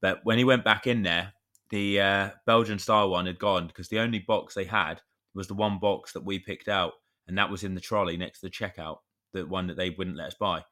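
Low, bright-voiced man telling a story. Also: steady tone, fairly quick. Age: 30s. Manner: rambling storyteller, chatty with mild swearing. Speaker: podcast co-host. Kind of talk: casual chat.

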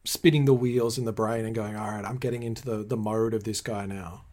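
A man's voice: on the low side, fairly even intonation, fairly quick, darkish tone. A man chatting casually, giving friendly tips about running a game. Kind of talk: casual podcast chat.

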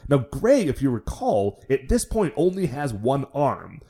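A man co-hosting a podcast, giving relaxed, amused commentary on a TV episode. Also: medium pitch, a little slow. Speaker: podcast co-host. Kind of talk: casual chat recapping a TV episode.

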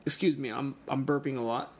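A man's voice: mid-range voice, husky. A man in casual conversation asking probing questions and checking agreement with "right?". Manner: questioning, seeks confirmation with "right?". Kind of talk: casual chat.

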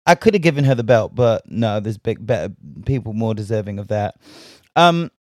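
A man's voice: on the low side, animated, normal speed, no echo, clean studio sound. A young man giving frank, casual opinion commentary, often sighing and restarting his sentences. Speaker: commentary vlogger.

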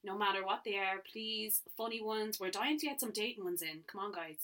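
A woman's voice: mid-range voice, brisk, far from the mic. A woman from rural west of Ireland with a local Irish accent, co-hosting a podcast in casual chat, laughing and reacting as she talks. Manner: laughing, reacting, animated storytelling. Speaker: podcast co-host.

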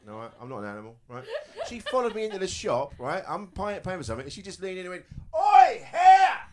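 Man, live comedy anecdote, mild unaggressive voice, animated pitch. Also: fast talker, a loud crowd. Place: live stage venue.

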